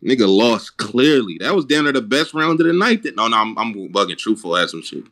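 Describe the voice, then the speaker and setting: Animated slangy man co-host. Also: mid-range voice, brisk. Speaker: podcast co-host. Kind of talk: casual chat.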